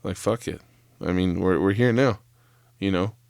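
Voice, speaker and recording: A man's voice: low voice, moderate pace, a little mellow, clean tone, no room sound, studio quality. A man ranting casually on a solo podcast, profane and rambling, full of fillers and restarts. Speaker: podcast host; former chef.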